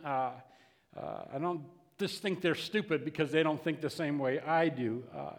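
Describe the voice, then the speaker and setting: A man's voice: fairly high pitch, normal speed, big-room sound. A man preaching a sermon in a conversational way, often restarting and repeating words.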